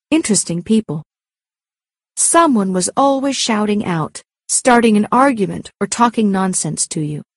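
A woman narrating a story aloud in a clear, measured storytelling manner. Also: on the high side, dry recording, clean studio sound. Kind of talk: scripted audiobook narration.

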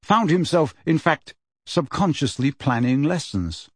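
Man, audiobook narrator, husky voice, measured reading, dry close sound. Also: a little high, dry recording. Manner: steady, measured storytelling. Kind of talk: scripted narration.

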